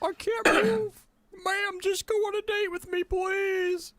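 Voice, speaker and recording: A woman's voice: extremely high pitch, level tone, slow pace, a crowd in the background. A woman voicing an awkward, lovesick young man who pleads and whines for a date. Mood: pleading. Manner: pleading, whiny.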